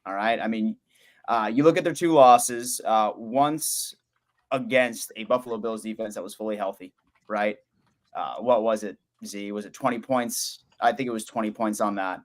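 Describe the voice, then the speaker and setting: A sports roundtable panelist with a lowish voice, laying out his opinion deliberately and padding it with "um" and "I mean". Casual debate talk. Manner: opinionated, deliberate, filler-heavy.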